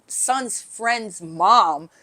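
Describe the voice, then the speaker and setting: A middle-aged woman, a guest on a recovery podcast, telling her story candidly and haltingly, often tagging "right?" and "you know". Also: mid-range voice, pushed and bright.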